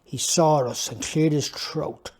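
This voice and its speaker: A man's voice: a little high, takes it slowly, darkish tone. A man reading his own book aloud, telling the story in a plainspoken, reflective way. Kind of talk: audiobook narration.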